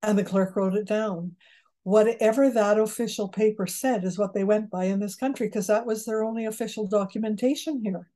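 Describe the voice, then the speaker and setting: Brief: older woman, warm dark tone, easygoing storyteller in an interview. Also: mid-range voice, fairly even intonation, brisk. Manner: storytelling, chuckles at her own jokes. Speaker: genealogist guest. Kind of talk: conversational interview.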